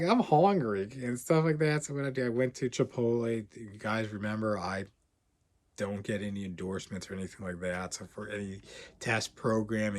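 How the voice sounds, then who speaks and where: Rambling man telling a story. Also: on the low side. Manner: rambling, animated, repeats "whatever". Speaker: premed coach. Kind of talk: casual storytelling to camera.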